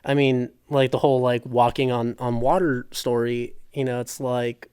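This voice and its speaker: A man with a medium-pitched voice chats casually on a church podcast. He sounds relaxed and agreeable and backs his co-host with quick replies. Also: smooth. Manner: relaxed, agreeable, with frequent backchannels. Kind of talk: casual faith discussion.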